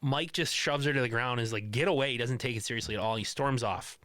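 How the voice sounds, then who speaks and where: A man co-hosting a podcast in casual chat, laid-back and quick to laugh and swear. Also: medium pitch, bright, forceful tone, no echo. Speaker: podcast co-host. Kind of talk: casual film recap chat.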